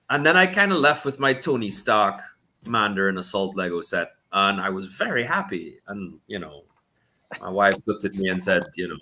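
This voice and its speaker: A man's voice: medium pitch, animated, fairly quick, bright, forceful tone. A man, a podcast co-host, telling a rambling personal story in casual chat.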